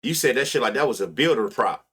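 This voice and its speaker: A man's voice: mid-range voice, lively intonation, quick pace, fairly bright tone, breathy edge. A man hosting a live sports betting stream, reading stats and riffing loosely with plenty of profanity. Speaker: sports betting show host.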